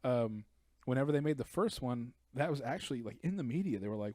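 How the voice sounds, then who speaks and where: A man's voice: medium pitch, expressive, fairly quick, darkish tone, no echo, clean studio sound. A man co-hosting a comedy podcast, earnestly making his points at length in casual chat. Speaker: podcast co-host.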